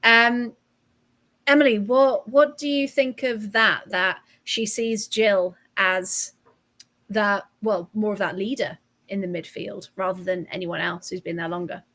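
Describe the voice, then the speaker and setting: A woman's voice: medium pitch, fairly even intonation, a little slow, fairly bright tone. A woman hosting a casual football podcast, chatting and reading out messages from the chat with frequent ums. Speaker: podcast host. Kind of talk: casual chat and live match watch-along.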